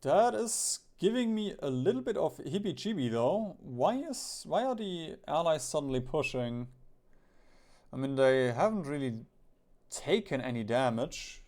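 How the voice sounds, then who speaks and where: A man's voice: medium pitch, a little mellow. A young man streaming a strategy game, thinking aloud, musing and chuckling as he plays. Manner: muses aloud, often chuckles. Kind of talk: thinking-aloud gameplay commentary.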